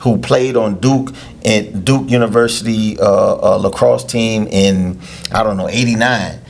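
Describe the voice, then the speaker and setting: A man, a youth lacrosse coach, explaining things in a casual interview with drawn-out hesitations. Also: fairly low pitch, vocal fry. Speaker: head coach of a youth lacrosse team, podcast guest.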